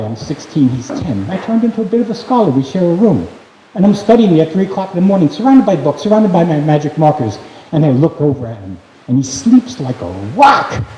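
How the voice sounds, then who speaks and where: A man telling a story on stage at a live event, animated and theatrical. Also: sits high, reverberant, rough recording.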